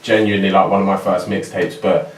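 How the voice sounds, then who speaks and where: A low-voiced man tells animated, slang-heavy stories as a podcast guest. He swears freely and keeps things loose. The sound is roomy, picked up from a distance with a faint hiss. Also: fairly quick. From England. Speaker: guest rapper. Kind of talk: casual chat.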